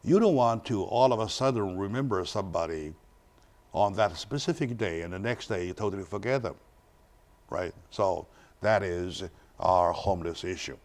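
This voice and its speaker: In a low-pitched voice, a man hosting a studio talk show introduces a guest, speaking in halting phrases with many restarts.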